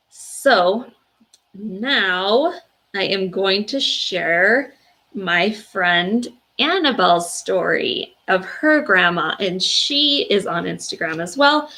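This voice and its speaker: A woman hosts a casual livestream, reading viewers' stories aloud. Her voice has a steady vocal fry, and her pitch sits in the middle range for a woman. She reacts in an emotional, gushing way, with soft fillers between her words. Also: slow. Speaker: livestream host.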